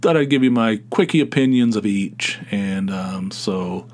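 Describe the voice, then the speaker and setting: A man's voice: lowish voice, unhurried, a little mellow. A middle-aged man hosting a casual solo podcast, rambling with stammered restarts and swearing. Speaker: podcast host.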